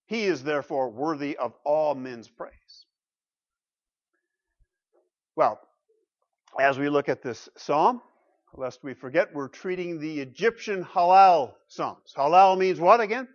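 A man's voice: fairly high pitch, lively intonation, measured pace, long pauses. A middle-aged man preaching a sermon as pastor, emphatic, asking the congregation rhetorical questions. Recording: dull lo-fi sound.

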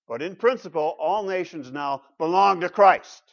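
A man's voice: high-pitched, normal speed, gravelly. A middle-aged man preaching a sermon as pastor, emphatic, asking the congregation rhetorical questions. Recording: dull lo-fi sound.

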